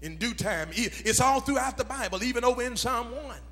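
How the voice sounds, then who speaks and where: A pastor preaching a sermon to his congregation, swelling into a shouted, half-sung cadence. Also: expressive, a little fast, long reverb tail. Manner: builds from low murmurs to shouted, half-sung whooping cadence. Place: church sanctuary.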